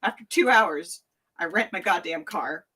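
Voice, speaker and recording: A woman with a Tennessee accent spins a frantic anecdote, laughing through it and cursing freely. Her voice is bright and forward. She sits a little back from the mic on a video call. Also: lowish voice, lively intonation, husky, far from the mic. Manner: laughing, swearing, quick anecdote with voiced quotes. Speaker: guest entertainer. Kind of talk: animated storytelling in casual chat.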